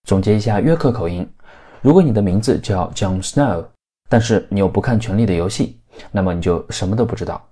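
A male podcast host who explains accents in a steady, instructive way. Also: fairly low pitch, brisk, slightly rough. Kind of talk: language lesson podcast.

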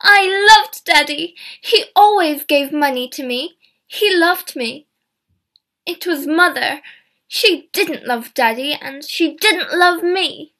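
A distraught grown daughter cries out in a high, loud voice, tearful and defensive, as a woman reads her part. Her lines come in emotional bursts. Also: slow pace, pauses often. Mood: sobbing.

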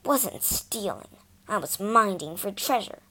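A woman voicing a proud, hot-tempered young boy who shouts and sulks. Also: medium pitch, animated, a little slow, exaggerated voice. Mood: sulky. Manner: loud and sulky.

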